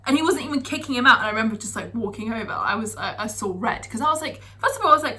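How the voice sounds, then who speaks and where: Young British woman, vlogger, bright-toned, chatty storyteller, a bit high. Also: racing, few pauses. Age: young adult. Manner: chatty, animated, lots of fillers. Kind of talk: casual storytelling.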